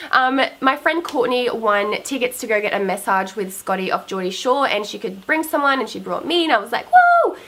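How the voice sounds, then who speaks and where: A woman's voice: on the high side, fairly bright tone, low-quality recording. A young woman, telling a story to her viewers in a chatty, emphatic way and talking straight to them. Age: late teens. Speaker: vlogger. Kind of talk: casual storytelling to camera.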